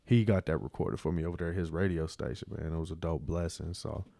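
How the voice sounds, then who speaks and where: Laid-back man, very low gravelly voice, dry close podcast mic. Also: fast, dark tone, no echo. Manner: laid-back, slangy, lots of "you know what I'm saying". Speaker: podcast guest. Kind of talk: casual interview chat.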